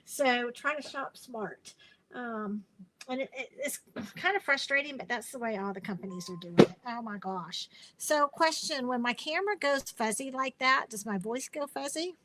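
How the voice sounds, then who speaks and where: Woman, tired, chatty and rambling, slightly high voice, webcam mic, faint background noise. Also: lively intonation, normal speed. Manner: chatty, rambling, many fillers and restarts. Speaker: craft demonstrator hosting a live stream. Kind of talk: casual live-stream chat.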